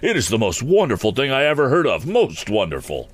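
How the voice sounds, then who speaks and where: A man's voice: medium pitch, wildly swooping pitch, brisk, breathy edge, no echo, pitched above the performer's own voice. A man voicing a flustered, fussy elderly bank president who stammers and gushes, in a storybook reading. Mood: eager. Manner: stammering, effusive.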